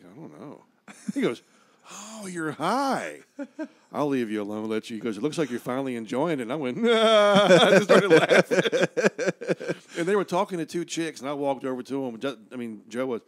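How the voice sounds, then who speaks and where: A man's voice: medium pitch, fast. A man with a West Virginian accent telling a comedy story in casual chat, cursing freely and acting out the voices of people in it. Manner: animated, profane, acts out voices in his stories. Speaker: stand-up comedian guest.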